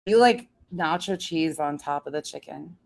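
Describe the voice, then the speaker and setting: This livestream host has a low, creaky voice with lively intonation and speaks at a normal pace. Chatting casually with her audience, she swears freely, doesn't mince words, and keeps breaking into laughter.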